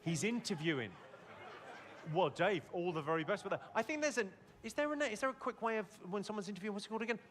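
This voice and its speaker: A man's voice: high voice, expressive, fast. A man doing stand-up crowd work at a comedy club, brash and sweary, teasing the audience. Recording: live club, loud crowd laughter.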